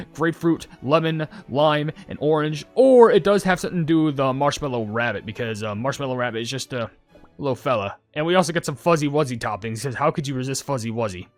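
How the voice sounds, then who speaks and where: Brief: young male YouTuber, lively rambling commentary, slightly raised pitch. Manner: rambling, self-correcting, excitable. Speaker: YouTuber reacting to game updates. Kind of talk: casual commentary.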